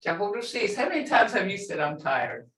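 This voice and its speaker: An older woman teaches a language class in a relaxed, chatty way, repeating each phrase slowly. Her voice swings lively up and down as she explains. She is recorded from across an echoey room. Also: medium pitch, crowd noise. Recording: echoey room, mic set far off.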